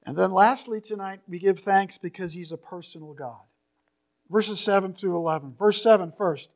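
A man preaching a sermon in a church, reading scripture slowly and with emphasis, his voice trailing softly at the ends of phrases. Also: sits high. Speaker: pastor.

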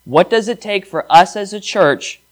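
Preaching at normal speed, a male pastor with a slightly higher-than-typical voice for a man builds his sermon with emphatic, rising delivery. He reads passages of scripture out loud and poses questions to the congregation.

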